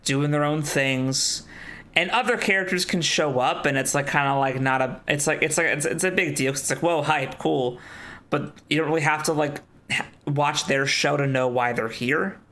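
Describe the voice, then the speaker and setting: A man co-hosting a podcast in casual chat, excitable and leaning on "like" as he talks. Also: a little high. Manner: excitable, fast bursts, heavy use of "like". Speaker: podcast co-host.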